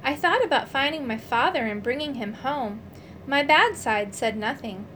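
A woman reading a children's book aloud in an expressive storytelling manner, changing her voice for the quoted lines. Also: sits high, normal speed, a little hiss or hum. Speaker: audiobook reader.

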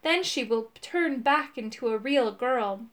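A woman's voice: fairly high pitch, lively intonation, measured pace, a bit bright. A woman voicing a tearful, desperate grown man pleading for his daughter in a storybook reading. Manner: sobbing, pleading.

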